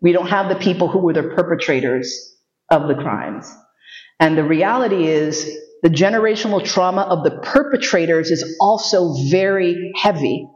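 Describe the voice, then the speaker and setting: A woman's voice: lowish voice, normal speed, a little mellow. Woman, casual lecturer, jokey and profane, echoey room, dull lo-fi sound. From United States. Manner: joking, profane, frequent laughs.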